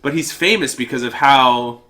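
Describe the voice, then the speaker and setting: A man co-hosting a podcast, sick and coughing, chatting casually about movies with restarts and quick laughs. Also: medium pitch, pushed and bright. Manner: rambling, restarts, laughs easily. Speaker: podcast co-host. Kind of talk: casual chat.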